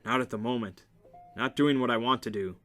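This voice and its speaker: Man voicing a guarded young lover, anguished, hushed, quiet, mid-pitched. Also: a little fast, faint music behind, close to an everyday voice.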